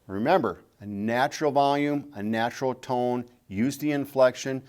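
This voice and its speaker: A middle-aged man gives an instructional demonstration of calling technique as a game call instructor. His voice sits in the mid-range with a slightly dark tone, and he moves at a moderate pace, patiently repeating the key points.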